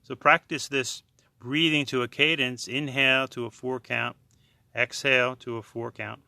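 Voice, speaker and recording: A man leading a guided breathing lesson as a yoga teacher, counting beats and chanting slowly and calmly. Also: mid-range voice, gravelly, no room sound. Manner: slow, calm counting and chanting.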